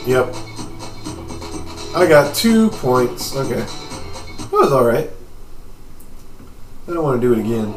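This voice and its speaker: A man reading a game aloud and commenting on it in a low-key, offhand way. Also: very animated, slow, long pauses, music in the background. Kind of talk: let's-play voice reading. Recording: echoey room, mic at a distance.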